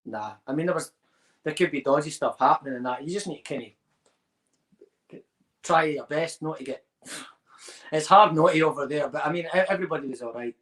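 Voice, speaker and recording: A man's voice: a little high, a little fast, pauses often, a bit bright, low-quality recording. A man with a Scottish accent, a podcast guest rambling through anecdotes with Scots slang in casual chat. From Scotland.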